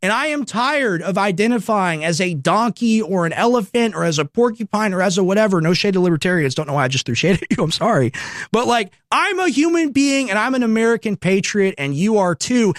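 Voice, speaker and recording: High-voiced young man ranting on air. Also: very animated, fairly quick, no room sound, studio quality. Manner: emphatic, repetitive rhetorical questions. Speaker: radio host. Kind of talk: political commentary monologue.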